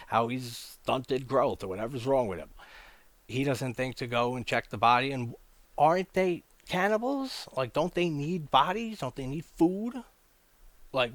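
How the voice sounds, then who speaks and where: A man with a fairly low voice talks excitedly in a casual, unscripted way, breaking into laughter often and swearing freely. The sound is dry and close, with no room echo. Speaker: horror film reviewer. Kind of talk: casual spoken film discussion.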